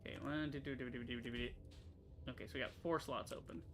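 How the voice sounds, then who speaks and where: A man's voice: mid-range voice, fairly even intonation, fairly bright tone, slight background noise. A young man, a gaming streamer, giving casual let's-play commentary, muttering to himself and cursing when the game annoys him. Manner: profane, quick to frustration, muttering to himself.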